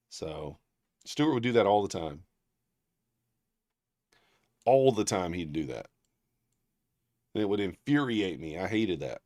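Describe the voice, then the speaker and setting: A man with a lowish voice hosts a casual livestream, telling loose, rambling stories packed with fillers. He breaks off to read viewer names aloud and thank them. The sound is dry and close, with no room echo. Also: expressive, unhurried, pauses often, darkish tone. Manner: rambling storyteller, heavy on fillers and restarts. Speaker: livestream trading host.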